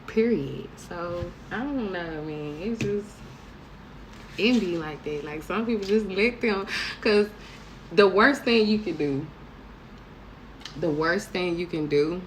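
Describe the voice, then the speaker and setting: Deep-voiced black lady in her 30s, blunt and cussing, slight room hum behind her. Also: rough recording. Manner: blunt, profane storytelling with bursts of laughter. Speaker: vlogger. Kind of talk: casual monologue to camera.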